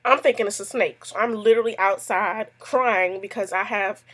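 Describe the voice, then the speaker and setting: Woman vlogger, casual chat, digressive storyteller, mid pitch. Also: moderate pace, a bit bright, husky. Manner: chatty, tells stories with lots of asides. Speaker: YouTube vlogger answering a tag; mother.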